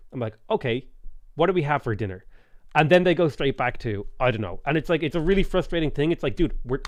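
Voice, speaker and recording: A man's voice: fairly high pitch, dry recording. An Irish man in his thirties chatting casually on a live stream, rambling and blunt, swearing freely and acting out little dialogues. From Ireland.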